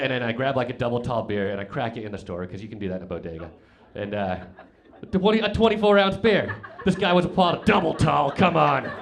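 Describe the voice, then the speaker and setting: Young man, stand-up comedian, rambling self-deprecating stories, stammered restarts, mid-pitched voice, club stage mic. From Colorado.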